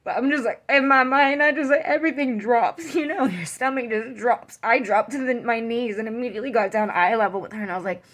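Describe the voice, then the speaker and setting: A young woman, a mother, telling a personal story to camera in a halting way, full of ums and you-knows. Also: a little high. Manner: soft and subdued, rising when tense.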